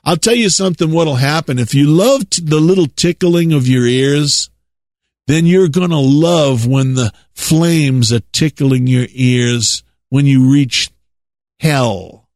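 A man's voice: on the high side, a little slow, darkish tone, no echo, studio quality. A man preaching a sermon in a sarcastic, lecturing way, chuckling at his own remarks.

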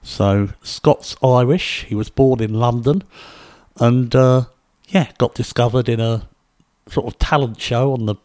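A man's voice: mid-range voice, a little slow, warm tone. A man from the UK hosting a solo podcast, talking conversationally and pressing points with emphasis. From United Kingdom. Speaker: podcast host.

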